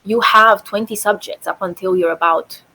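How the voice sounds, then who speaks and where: A woman's voice: medium pitch, fairly even intonation, moderate pace, sharp tone, low-quality recording. A woman from Romania, a podcast guest talking casually, with lots of fillers and restarts. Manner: chatty, many fillers and restarts. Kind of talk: casual chat.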